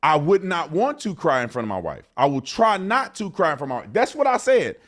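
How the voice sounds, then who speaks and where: A man explains his own point of view over clips, insistent and repeating himself. His voice is fairly high for a man and moves in a lively, animated way. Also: brisk. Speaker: commentator answering critics. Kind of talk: explanatory commentary.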